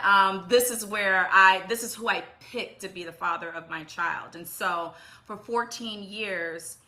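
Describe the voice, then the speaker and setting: Bright-voiced woman telling heartfelt stories. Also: medium pitch. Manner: earnest, reflective, emphatic with repeated phrases. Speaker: interview guest. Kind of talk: heartfelt conversational storytelling.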